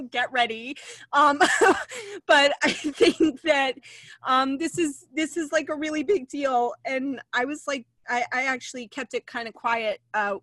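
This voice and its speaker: High, bright-voiced livestream host woman. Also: no room sound. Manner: emotional, chatty, many fillers. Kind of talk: casual livestream chat.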